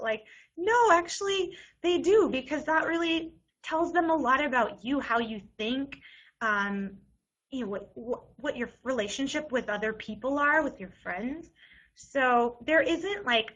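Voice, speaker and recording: A young woman gives casual advice about college essays in a bright, slightly high voice. She talks in a loose, chatty way, full of "like" and restarts, the way she would talk to students in an online session. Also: lively intonation, moderate pace, poor audio. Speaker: college admissions essay advisor.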